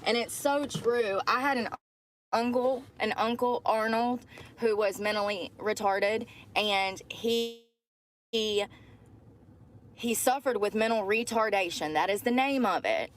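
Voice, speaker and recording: Casting: woman, slightly high voice, chatty livestream storytelling, talks straight to viewers. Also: a little slow, slight background noise. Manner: chatty, addresses viewers as y'all.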